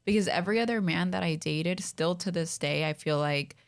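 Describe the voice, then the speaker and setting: A woman talking as a podcast guest in a casual, quick chat full of "like". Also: on the low side, creaky. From Colombian family. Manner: quick, chatty, peppered with "like".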